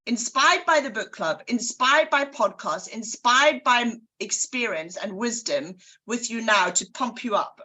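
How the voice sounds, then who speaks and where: Bright, husky-voiced woman hosting. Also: fairly high pitch. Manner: energetic, addresses listeners directly. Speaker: book club host. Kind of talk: motivational group talk.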